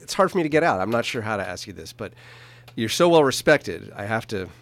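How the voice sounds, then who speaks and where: A man's voice: on the low side, sing-song, fast, gravelly. A man hosting a talk show in a studio, joking, teasing his guests and laughing often. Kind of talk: playful studio interview and party game. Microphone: studio microphone.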